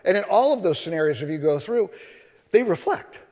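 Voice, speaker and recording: A male minister giving a sermon, telling scripture stories in an animated way and acting out the voices. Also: sits high, a little fast. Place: church sanctuary. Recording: long reverb of a large hall.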